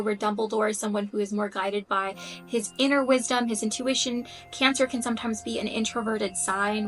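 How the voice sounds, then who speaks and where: A woman's voice: mid-range voice, low-quality recording. A woman talking in a casual, explaining way, earnest and thinking aloud with the odd "um". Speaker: astrology content creator.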